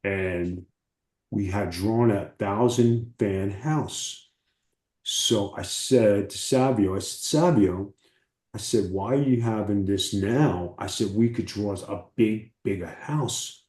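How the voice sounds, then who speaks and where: A man, a former wrestler, telling profane, animated stories as an interview guest. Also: lowish voice, slow pace, reverberant. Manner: animated, profane storytelling with acted quotes. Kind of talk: casual storytelling.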